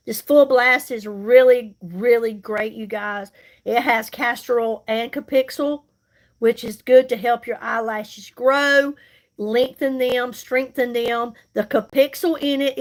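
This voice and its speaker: A woman, chatting casually with viewers while she does her makeup on a livestream, folksy and reassuring. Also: fairly high pitch. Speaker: makeup livestream host and seller. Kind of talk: casual live chat while doing makeup.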